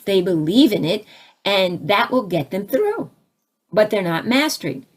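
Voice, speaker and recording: Husky, lively-voiced woman spiritual teacher. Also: measured pace. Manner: animated, rising to high exclaims when acting out her own reactions; conversational, asks the audience questions. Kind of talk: spiritual talk to an audience.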